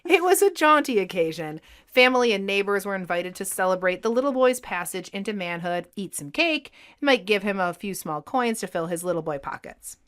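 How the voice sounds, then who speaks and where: Expressive woman narrating history. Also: mid-range voice, brisk, hardly any pauses, clear, resonant tone. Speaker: podcast co-host.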